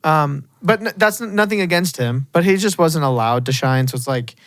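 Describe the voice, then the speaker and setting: A man's voice: fairly high pitch, lively intonation, normal speed, a bit bright, no room sound. A young man co-hosting a podcast, giving blunt, emphatic opinions in casual chat. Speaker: podcast co-host. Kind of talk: casual movie review chat.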